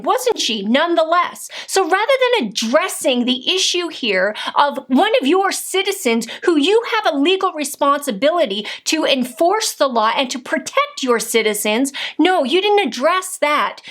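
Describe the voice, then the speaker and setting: A high-pitched woman speaks straight to camera in an angry political rant. She is indignant and combative, firing rhetorical questions and direct accusations. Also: a bit bright. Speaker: political vlogger.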